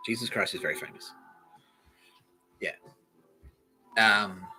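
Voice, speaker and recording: A man's voice: on the low side, takes it slowly, pushed and bright, soft background music, poor audio. A man with an Australian accent hosting a comedy podcast, rambling through a crude, swearing, giggly monologue. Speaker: podcast host.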